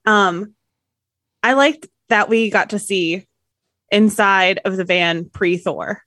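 A woman's voice: mid-range voice, slow pace, a bit bright, no echo, clean studio sound. Chatty woman podcast co-host. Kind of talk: casual chat.

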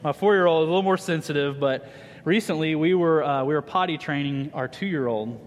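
A man in his thirties gives a sermon in a church hall, his voice slightly high for a man. He tells family stories with animated humor, and the long reverb of the hall trails behind his words. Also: a little fast, slight background noise. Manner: animated, humorous storyteller addressing a congregation. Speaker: pastor. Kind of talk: sermon with personal storytelling.

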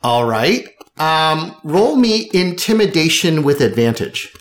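Man, game master, fairly high voice, rambling, hesitant fillers. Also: very animated, takes it slowly, soft background music. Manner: rambling, with many fillers and restarts. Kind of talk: narrating a tabletop game.

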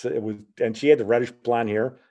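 A man's voice: mid-range voice, fairly even intonation, fairly quick, warm tone. A man in his sixties hosting a podcast, telling long, rambling anecdotes in casual chat and retelling conversations with "he goes". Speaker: podcast host.

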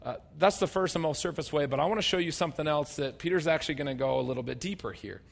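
A man preaching a sermon as pastor, conversational and humorous, swinging between loud emphatic bursts and quiet low asides. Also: quick pace, gravelly. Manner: conversational and humorous, acting out people's voices.

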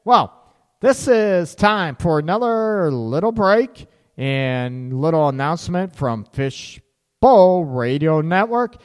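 A male radio host giving relationship advice, with a lively voice that jumps up and down in pitch. He sits a little high for a man and turns sarcastic, acting out what partners say. His voice carries a long reverb tail. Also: slow, smooth. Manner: animated, sarcastic, acts out quoted partners. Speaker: radio show host and counselor.

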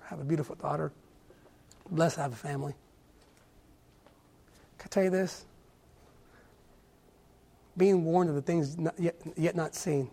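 Young male preacher, husky, earnest testimony with stammered restarts. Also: a little high, mellow. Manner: earnest, repeats words often, stammering restarts. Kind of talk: sermon testimony.

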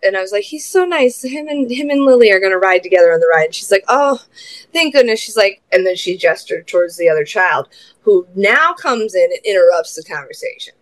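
A young woman hosts a podcast and tells a long personal story in a casual, chatty way. She swears freely and acts out what people said, jumping up in pitch for the quoted lines. Her voice sits at a middle pitch for a woman. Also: lively intonation, fast talker, no room sound. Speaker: podcast host.

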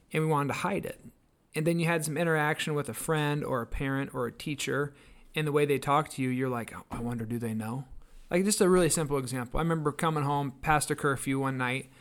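Earnest man telling stories, higher voice. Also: a bit bright. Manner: earnest storytelling, acts out quoted voices. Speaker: podcast co-host. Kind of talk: casual devotional chat.

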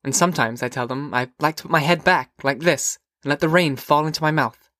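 A man's voice: a little high, fairly quick, sharp tone, no room sound, clean studio sound. A man voicing a whimsical teenage girl. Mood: wondering. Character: curious whimsical teenage girl, gentle and teasing. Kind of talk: audiobook character voice.

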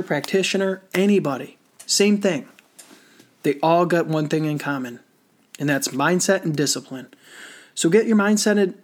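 A man giving a motivational sales talk in an energetic, repetitive, conversational way. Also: fairly high pitch. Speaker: contractor and sales coach.

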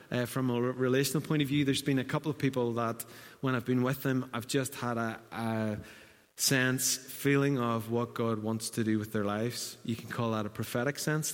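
Male preacher, mid-pitched, anecdotal and relaxed, long hall reverb. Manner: conversational storytelling, self-deprecating asides. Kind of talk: sermon.

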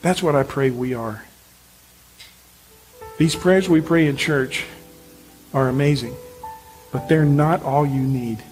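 A man's voice: medium pitch, slow pace, long pauses, a little mellow, faint music behind, poor audio. A male pastor preaching a sermon in an earnest, emphatic, encouraging way.

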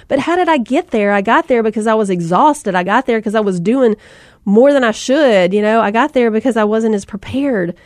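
A woman's voice: on the high side, animated, fairly quick, dry recording, clean studio sound. A woman in her thirties giving a folksy Christian talk to mothers, in a conversational style with asides and fillers. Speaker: Christian speaker. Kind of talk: faith-based talk to mothers.

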